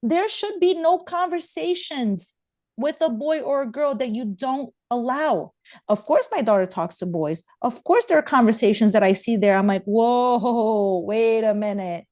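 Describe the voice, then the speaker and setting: A woman's voice: on the high side, animated, normal speed, a little mellow. A mother speaking as an interview guest, urging parents with emphatic, repeated warnings. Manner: emphatic, urgent, repeats points. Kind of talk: interview conversation.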